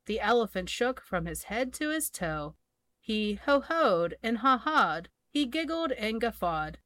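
A woman reading a children's storybook aloud in a gentle, expressive way, recorded close and dry. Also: fairly high pitch, dry recording. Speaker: storybook reader.

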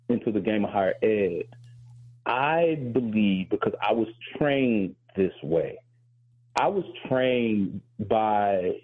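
An earnest man talking reflectively on a radio show, his low voice carrying a husky grain. The sound is thin and phone-like. He often restarts words as he works through his thoughts. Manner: earnest and reflective, with repeated words and quick laughs. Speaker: host and historian. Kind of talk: casual radio talk. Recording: tinny phone-like broadcast.

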